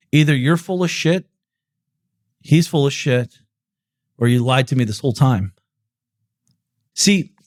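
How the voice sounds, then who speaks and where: A man hosting a podcast, delivering a blunt, profane motivational monologue with lots of emphasis and repetition. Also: medium pitch. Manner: profane, emphatic, repeats himself. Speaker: podcast host. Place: podcast recording.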